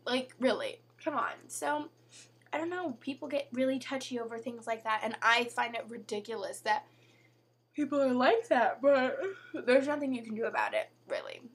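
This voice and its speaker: A young woman talks casually to her camera, chatty and packed with fillers like "like" and "you know." Her fairly high voice is husky and turning hoarse. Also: normal speed. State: voice going hoarse. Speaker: vlogger.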